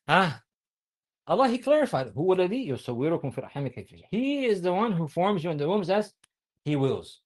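A man's voice: sits high, big pitch swings, very fast. A man giving a sermon to young listeners. He keeps asking the audience questions, recites Arabic verses and then translates them. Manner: asks the audience many questions. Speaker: Islamic preacher.

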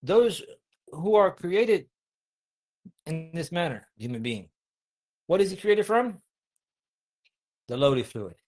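A man's voice: fairly high pitch, big pitch swings, takes it slowly, long pauses, darkish tone. A man giving a sermon to young listeners. He keeps asking the audience questions, recites Arabic verses and then translates them. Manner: asks the audience many questions. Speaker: Islamic preacher.

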